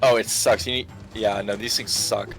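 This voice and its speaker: A young man in his twenties co-hosts game commentary, telling a funny story while playing, laughing often and stumbling through fillers and restarts. His fairly low voice is evenly intoned at normal speed over loud music. It's recorded on a remote call with screen share.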